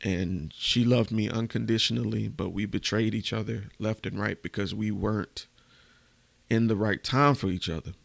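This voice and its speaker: A man podcast host telling a candid, emotional personal story, swearing casually and going hushed at the painful parts. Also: on the low side, steady tone, moderate pace, vocal fry, no echo.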